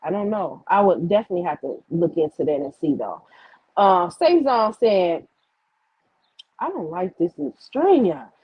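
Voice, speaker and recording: A woman's voice: lowish voice, big pitch swings, moderate pace, husky, no echo, highs cut off. A woman hosting a casual livestream, telling a story bluntly with plenty of swearing and answering viewer comments. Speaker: livestream host.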